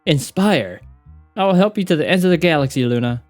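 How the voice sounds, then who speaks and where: A man's voice: fairly high pitch, animated, fairly quick, soft background music, voice pushed up, close to an everyday voice. A man reading game dialogue aloud, voicing an odd, cheerful alien posing as a crewmate with stilted, oddly phrased speech.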